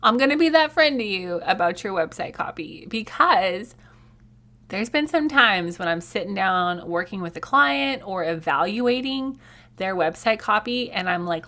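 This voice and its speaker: A woman's voice: medium pitch, lively intonation, a little slow, pushed and bright. A woman hosting a podcast in casual, candid chat, laughing often. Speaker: podcast host.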